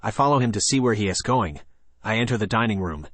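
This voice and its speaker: Low-voiced man narrating a horror story. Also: expressive, fast, fairly bright tone, no room sound.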